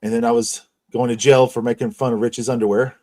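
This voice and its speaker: A man's voice: medium pitch, flat delivery, fairly quick, darkish tone. A man hosting a casual livestream chat, swearing freely and laughing through his stories. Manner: profane, laughing storyteller. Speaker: streamer host.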